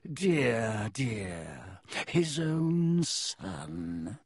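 A man voicing a cold, sneering male potions teacher who speaks softly and slowly with menace, and snaps at times. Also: on the high side, expressive, slightly rough, no echo, clean studio sound, exaggerated voice. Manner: soft, slow, menacing, with sudden snapping.

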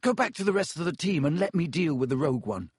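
A man's voice: on the high side, big pitch swings, fast talker, breathy edge, no room sound, studio quality, voice pushed up. A man voicing a stubborn, determined teenage boy who speaks insistently.

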